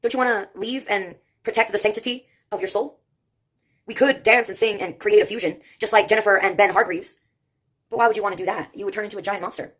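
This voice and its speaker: A woman's voice: medium pitch, fast, fairly bright tone. A woman doing a rambling, improvised comedy monologue, free-associating absurd jokes and laughing at herself.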